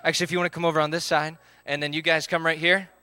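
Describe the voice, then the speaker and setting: A man's voice: fairly high pitch, little pitch movement, racing, sharp tone, clean tone, no echo. A man, leading a live group game, upbeat as he calls out counts and instructions.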